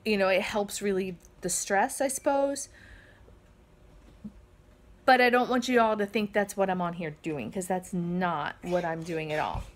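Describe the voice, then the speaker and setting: A middle-aged woman talks straight to camera from her family home, her voice emotional and a little shaky. She rambles earnestly with plenty of fillers and restarts, at a middle pitch with faint background noise. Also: a little slow. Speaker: vlog host. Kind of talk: casual heartfelt talk to camera. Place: family home with kids around.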